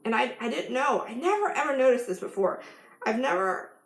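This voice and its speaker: A woman life coach gives an emphatic motivational vlog talk in a slightly high, animated, brisk voice. She laughs often and bursts into loud, yelled affirmations, all in an echoey room.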